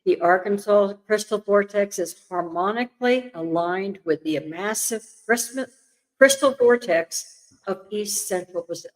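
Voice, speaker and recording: A woman's voice: medium pitch, rough recording. An older woman reading a text aloud on a call, stumbling over words and breaking off into chatty asides. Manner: reads haltingly, coughs, apologizes, chatty asides. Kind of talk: casual reading and chat.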